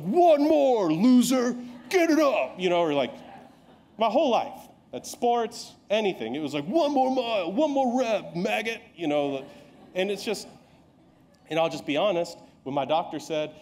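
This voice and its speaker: A man's voice: fairly high pitch, a little mellow. A male pastor preaching a sermon in a conversational, self-deprecating storytelling way, acting out the lines of people he quotes.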